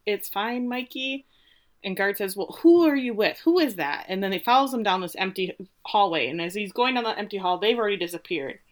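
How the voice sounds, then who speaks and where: A woman co-hosting a casual podcast, retelling a TV episode with lively quotes of the characters. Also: medium pitch. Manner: animated retelling, quoting characters with playful voices. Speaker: podcast co-host recapping a TV episode. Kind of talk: casual chat.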